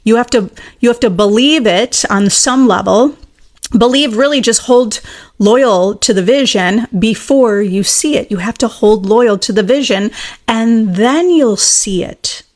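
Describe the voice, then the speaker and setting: Earnest woman coach, slightly high voice. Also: unhurried. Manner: earnest, emphatic, repeats key phrases. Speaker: manifestation coach. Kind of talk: casual teaching monologue.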